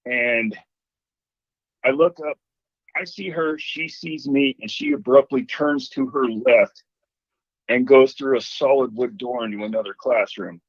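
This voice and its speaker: A man calling in to a show and telling a ghost story in an animated way, acting out the voices he quotes. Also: medium pitch, unhurried, dry recording. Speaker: caller. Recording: dull phone line.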